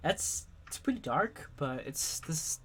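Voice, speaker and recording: A man's voice: a little high, big pitch swings, slow, a bit bright, a little hiss or hum. Young man rambling frankly while sick. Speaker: streamer. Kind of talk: candid personal vlog monologue.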